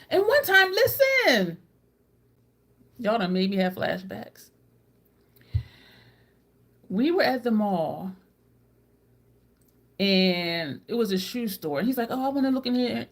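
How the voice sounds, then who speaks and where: Animated, profane woman telling stories. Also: medium pitch. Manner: animated, profane, laughing, quotes people in voices. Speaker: YouTuber. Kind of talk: casual storytelling to viewers.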